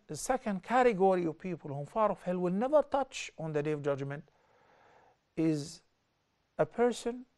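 Earnest male religious teacher. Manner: earnest and explanatory, quotes Arabic scripture; lively, with sharp rises in pitch and loudness for stress. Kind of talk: televised religious lesson.

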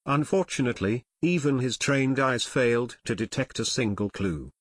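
Dry, steady male audiobook narrator. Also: medium pitch, husky, no echo. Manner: steady, measured reading.

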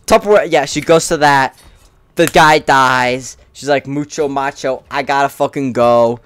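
A man's voice: mid-range voice, a little slow, fairly bright tone, clear, resonant tone. A young man co-hosting a casual book review while gaming, rambling and slangy, often swearing and getting sidetracked. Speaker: co-host.

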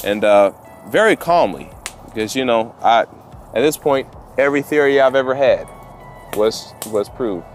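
A man telling a story to camera outdoors with his dogs, getting animated and worked up as he retells it. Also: mid-range voice, moderate pace, faint music behind. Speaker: vlogger and dog trainer.

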